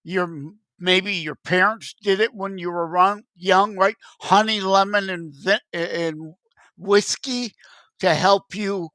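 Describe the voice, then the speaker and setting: A man co-hosting a casual podcast, easygoing and quick to laugh. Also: sits high, fairly even intonation, bright, forceful tone, dry recording. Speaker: co-host.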